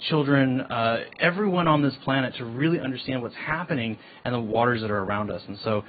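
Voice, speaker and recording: A man pitches his ocean data company to a panel audience, talking casually and eagerly and tripping over his words now and then. His voice comes through thin and phone-like. A faint hiss sits under it. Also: a little fast. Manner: casual, restarts words, enthusiastic. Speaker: ocean tech founder presenting. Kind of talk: panel presentation. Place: event hall. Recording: tinny phone-like line with faint noise.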